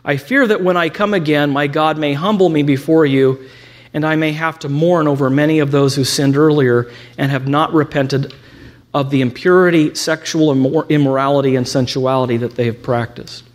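A man's voice: a little high, fairly even intonation, normal speed. A man teaching a lecture on scripture, reading quotations aloud and adding ironic asides. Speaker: Bible teacher.

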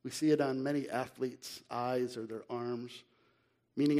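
A middle-aged man preaching a sermon as pastor, earnest and conversational, asking rhetorical questions and reading scripture slowly and with emphasis. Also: medium pitch, little pitch movement, darkish tone.

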